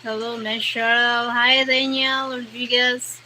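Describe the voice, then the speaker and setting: A woman's voice: on the high side, level tone, a little slow, bright, forceful tone. A young woman with a Filipino accent chatting casually on a live stream, greeting and thanking viewers by name and mixing Tagalog with English. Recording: noisy background.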